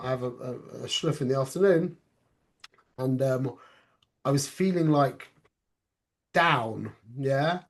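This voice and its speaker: A man with a fairly high voice leads a relaxed class and talks to his listeners as if chatting. He often asks "yeah?" to check they follow. He drops Hebrew and Yiddish words into his English as he teaches. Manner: conversational, keeps checking with "yeah?"; uses Hebrew and Yiddish terms. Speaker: religious teacher. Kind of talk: informal spoken class.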